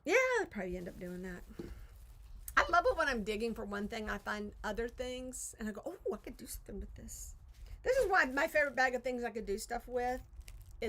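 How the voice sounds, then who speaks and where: A woman with a slightly high, somewhat bright voice chats casually on a craft livestream from her home craft studio. The crafting vlogger rambles, pokes fun at herself, and often trails off mid-thought.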